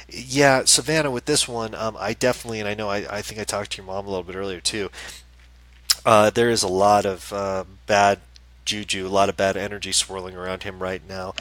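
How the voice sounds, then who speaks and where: A man's voice: lowish voice, steady tone, brisk, a bit bright, poor audio. A man hosting a casual live show as a psychic medium, chatting and reading out viewer comments. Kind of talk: casual livestream chat.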